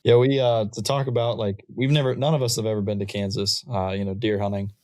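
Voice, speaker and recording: Guest, male, low-pitched, relaxed, dry close sound. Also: quick pace, no room sound. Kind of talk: casual podcast chat.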